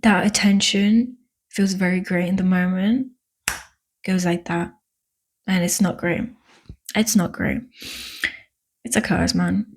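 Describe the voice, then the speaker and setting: A breathy, husky-edged woman speaks straight to her viewers in a casual self-help vlog. English is not her first language, and her phrasing halts and restarts as she draws out the words she wants to stress. She calls her listeners "my love" with earnest affection. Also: lowish voice, fairly even intonation. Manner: halting, with restarts and drawn-out emphatic words. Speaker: vlogger. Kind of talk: casual spiritual self-help talk to camera.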